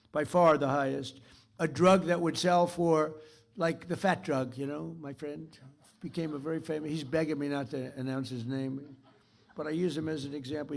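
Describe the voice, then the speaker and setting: Gravelly older man rambling a speech. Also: fairly high pitch. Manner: rambling, repetitive, boastful. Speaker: keynote speaker. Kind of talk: off-the-cuff speech to an audience.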